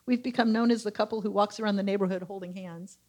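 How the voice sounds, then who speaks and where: A middle-aged woman tells a personal story from the pulpit in a mid-pitched voice. She acts out the people she quotes with lively shifts of tone. It is a casual, heartfelt church testimony. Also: fast talker. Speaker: church member sharing testimony.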